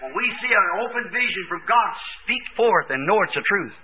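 A man preaching a fervent revival sermon, his voice pitched very high. He bursts into shouts when quoting scripture. The recording is thin and tinny, like an old lo-fi tape. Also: expressive, fairly quick, a little hiss or hum. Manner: fervent, hollering quotes with sudden shouts. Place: church service.

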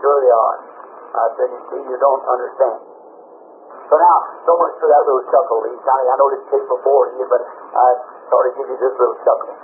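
Folksy preacher on tinny old tape. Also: male voice, medium pitch, fairly even intonation, fast. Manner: folksy, rambling, with many restarts and quoted dialogue. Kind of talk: sermon storytelling. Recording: tinny lo-fi tape with faint hiss.

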